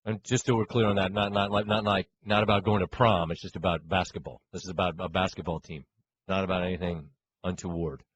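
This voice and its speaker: Man, sports radio co-host, husky voice, teasing banter, middle-aged. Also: deep voice, fairly even intonation, fairly quick, a bit bright, poor audio. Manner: joking, teasing.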